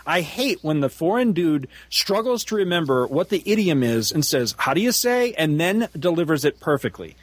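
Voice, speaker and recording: A man's voice: a little high, sing-song, normal speed, few pauses, dry recording. A man in his forties co-hosting a casual podcast, ranting with profanity and frequent laughter. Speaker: podcast co-host. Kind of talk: casual comic-book discussion.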